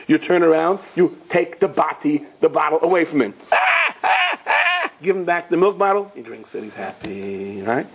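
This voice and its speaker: A middle-aged man, a rabbi, giving an animated Torah class full of stories and Hebrew and Yiddish terms. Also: fairly high pitch, husky. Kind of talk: Torah class storytelling sermon.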